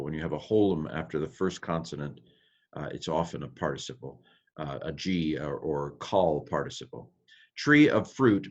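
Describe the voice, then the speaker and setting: A man teaching a lesson over slides, thinking aloud with many fillers and restarts, and slowing down to sound out words. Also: deep voice, lo-fi sound. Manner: slows to sound out words and phrases. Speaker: Hebrew teacher.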